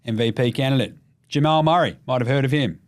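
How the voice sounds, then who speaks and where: An Australian man hosting a casual basketball podcast, swearing freely and putting on quick voices for jokes. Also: medium pitch. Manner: animated, profane, mimics voices for jokes. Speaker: podcast host.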